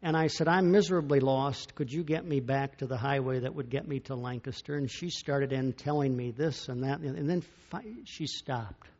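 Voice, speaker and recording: A man preaching a sermon, slow and dramatic, with big swings between loud bursts and quiet, drawn-out phrases. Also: medium pitch, muffled recording. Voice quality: slow, dramatic delivery with big swings in loudness and long pauses.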